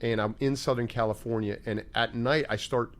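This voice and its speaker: A man's voice: mid-range voice, fairly even intonation, moderate pace. A middle-aged man, a fitness coach, talking earnestly as a guest in an interview. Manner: earnest, emphatic about mindset. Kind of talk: casual interview chat.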